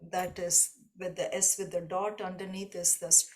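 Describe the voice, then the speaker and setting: A woman teaching a devotional class, explaining slowly and reflectively and often repeating a point in new words. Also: on the low side, flat delivery. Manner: slow, reflective, gently repetitive explanation. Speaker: spiritual teacher.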